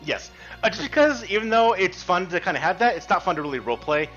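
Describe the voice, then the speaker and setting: A man running an online tabletop role-playing game as game master, explaining rules in a quick, casual way. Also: high voice, sing-song, fairly bright tone, highs cut off, soft background music.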